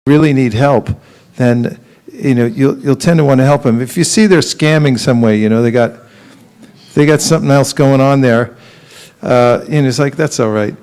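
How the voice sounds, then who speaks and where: A man giving a relaxed sermon at a temple, telling stories with laughs and acting out quotes, sometimes chanting a mantra slowly. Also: mid-range voice, clear, resonant tone. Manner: storytelling with laughs and acted quotes. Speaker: temple teacher.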